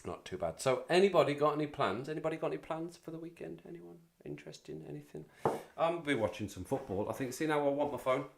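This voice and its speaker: A man's voice: a little high, lively intonation, fast, gravelly, hardly any pauses. A middle-aged man chatting casually on a live stream, joking and repeating himself. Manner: jokey, rambling, repeats himself. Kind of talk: casual chat.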